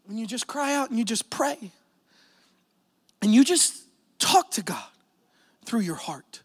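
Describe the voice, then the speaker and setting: A man preaching a sermon as a pastor. He swings from hushed, intimate talk to shouted appeals, telling personal stories with self-deprecating asides. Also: very high-pitched, very animated, unhurried, pauses often, breathy edge, long reverb tail. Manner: repeats "here's the thing", storytelling with self-deprecating asides.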